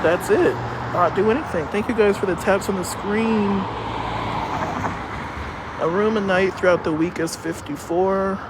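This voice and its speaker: A woman livestreaming outdoors on a city street, chatting casually and rambling with her viewers, swearing freely and saying she is cold. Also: on the low side. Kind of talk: casual live-stream chat. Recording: street noise, echoey street.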